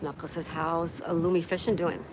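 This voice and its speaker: A woman's voice: fairly low pitch, fairly even intonation, moderate pace. A woman hosting a casual livestream, reading her viewers' comments aloud and answering each one in a chatty way. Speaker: livestream host. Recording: clear background noise.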